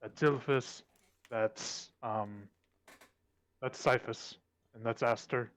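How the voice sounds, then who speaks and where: A man playing a tabletop game, talking for his character in an easygoing, relaxed way. His voice is of ordinary middle pitch. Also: slow. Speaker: player.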